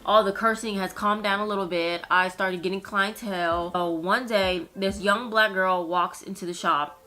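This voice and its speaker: A woman's voice: medium pitch, steady tone, normal speed, sharp tone. A young woman from Minnesota telling casual story-time tales from her work as a nail technician, blunt and frank, with plenty of swearing. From United States (Minnesota).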